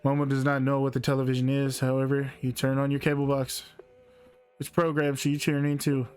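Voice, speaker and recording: A man's voice: medium pitch, completely flat delivery, fairly quick, darkish tone, clear, resonant tone. A man playfully reading a text game aloud as a game streamer, laughing as he goes.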